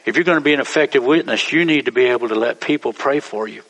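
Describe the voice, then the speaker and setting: A man's voice: mid-range voice, fast talker, fairly bright tone. A man, preaching a sermon as pastor, telling stories in a folksy, rambling way that repeats itself. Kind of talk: sermon storytelling. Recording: long church reverb.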